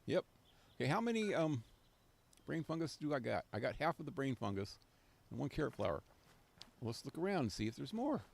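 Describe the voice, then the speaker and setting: Male streamer, gravelly, lively pitch, casual self-talk gameplay commentary over game music. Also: a little fast, long pauses, slight background noise. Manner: rambling talk to himself, easily amused. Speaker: live streamer.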